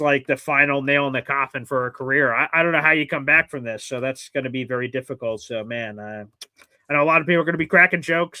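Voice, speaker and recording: A man hosting a casual sports talk stream, animated and given to loud exclaiming. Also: medium pitch, no room sound, rough recording. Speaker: podcast host. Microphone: streaming studio mic.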